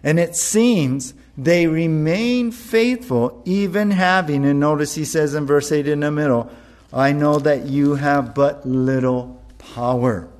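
A male pastor preaching a sermon, earnest and deliberate, with emphatic rises on key words. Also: a little high, darkish tone.

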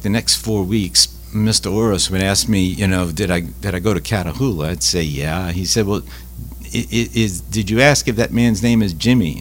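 Deep-voiced man, halting. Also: a little hiss or hum. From Louisiana. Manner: halting, repeats words, many fillers. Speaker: Catholic food ministry leader. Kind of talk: casual interview storytelling.

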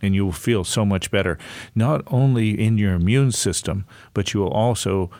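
A man's voice: fairly low pitch, moderate pace, darkish tone, dry recording. An older man, a natural health doctor, giving rambling folksy advice on a talk show, with frequent "you know"s.

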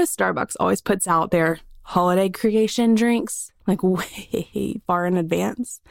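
Bubbly and leaning heavily on fillers, a woman with a Southern US accent casually chats through a solo episode of her podcast on a studio microphone. Her voice is mid-range, and the recording is dry.

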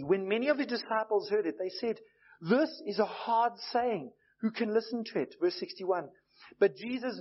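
A man preaching a sermon in a conversational, storytelling way, acting out the voices he quotes. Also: high voice. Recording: dull lo-fi recording.

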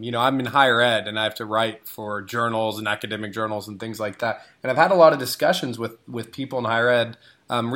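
A male co-host speaks in a reflective, searching way, pausing on fillers as he thinks. His voice sits in a middle pitch for a man, and his tone is casual and conversational. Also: a bit bright. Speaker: podcast co-host, higher-ed educator. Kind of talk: casual podcast chat.

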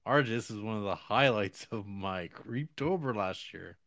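A man's voice: fairly low pitch, unhurried, a bit bright, no room sound. Easygoing man with a dry, close voice. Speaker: podcast co-host. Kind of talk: casual chat.

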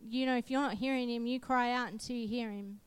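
A woman's voice: fairly high pitch, steady tone, fairly quick, clean tone. A woman, preaching a sermon and telling a personal testimony in an earnest, emphatic way.

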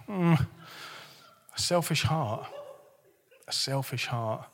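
A slightly hoarse man preaches in a church, his voice sitting a little high for a man. He keeps it conversational and jokey, and the sound rings with a long hall reverb. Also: a little slow, pauses often. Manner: lively, joking, conversational preaching. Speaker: pastor. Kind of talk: sermon.

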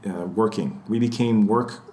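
A man in his thirties, co-hosting a podcast, with a lowish, unhurried voice. He tells stories in casual chat as an animated storyteller, acting out the voices of the people he quotes and swearing freely.

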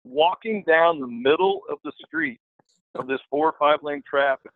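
A man telling a lively anecdote in a casual way, acting out the voices of the people in it. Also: a little high, normal speed, no echo. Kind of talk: casual storytelling. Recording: dry, phone-like line.

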